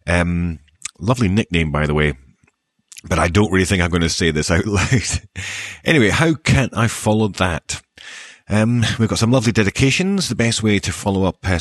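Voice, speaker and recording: A man with a soft Scottish accent hosting a show, reading archaeology news and dedications with wry, dry joking asides. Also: deep voice, no echo. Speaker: podcast host.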